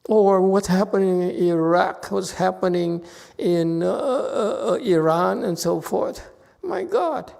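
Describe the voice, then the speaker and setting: Guy teaching meditation, scolds people bluntly, slow talk, pitch jumping all over, big hall echo. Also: animated, vocal fry, a little mellow. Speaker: meditation master answering questions. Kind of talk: dharma talk with Q&A. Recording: long hall reverb.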